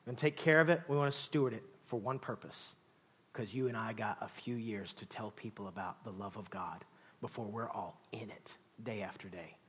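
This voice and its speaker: A pastor preaching a sermon in a conversational, joking way, often saying "listen" and "all right". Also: male voice, medium pitch, husky.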